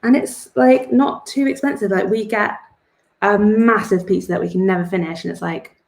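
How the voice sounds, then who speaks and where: A young woman with a mid-range, slightly mellow voice and vocal fry talks at a moderate pace while drawing for her art club. Her chatty tutorial rambles, full of self-deprecating jokes and laughter at herself, in an echoey room.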